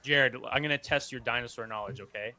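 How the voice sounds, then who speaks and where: A man's voice: medium pitch, fast, sharp tone. A man from Canada hosting a podcast, chatting casually, joking and swearing freely. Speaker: podcast host.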